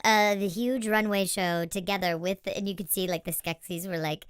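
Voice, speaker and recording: A woman's voice: medium pitch, fairly even intonation, clean tone, no room sound, clean studio sound. A woman co-hosting a casual movie review, chatty and earnest. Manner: chatty, earnest, quick asides. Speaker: podcast co-host.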